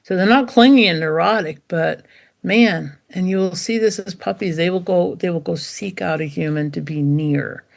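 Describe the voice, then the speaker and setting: Dog breeder lady on a podcast, kinda gravelly, tells stories and acts out the voices. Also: lowish voice, normal speed. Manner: lively storyteller, acts out quoted dialogue. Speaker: guest dog breeder and behavior expert. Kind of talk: podcast interview.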